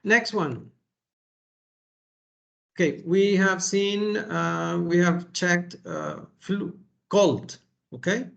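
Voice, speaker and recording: Slow, gravelly man teaching English. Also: high-pitched, muffled recording. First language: Spanish. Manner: slow, patient, repeats words and adds "okay?". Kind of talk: kids' vocabulary lesson.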